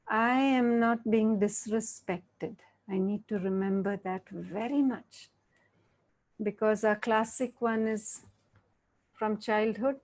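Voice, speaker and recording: A woman giving a reflective interactive talk, speaking gently and often checking in with her listeners. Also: on the high side. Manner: slow, gentle, checks in with "yeah?".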